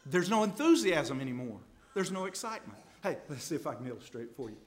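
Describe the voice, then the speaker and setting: A man preaching a sermon in a folksy, impassioned way, speaking straight to the congregation and swinging from hushed asides to loud climaxes. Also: fairly high pitch, big pitch swings, fast talker.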